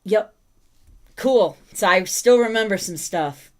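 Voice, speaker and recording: A woman's voice: mid-range voice, expressive, slow, a little mellow. A woman hosting a casual livestream, chatting with viewers and breaking off to talk to her dogs. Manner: chatty, talks to her dogs and chat between thoughts. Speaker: livestream host.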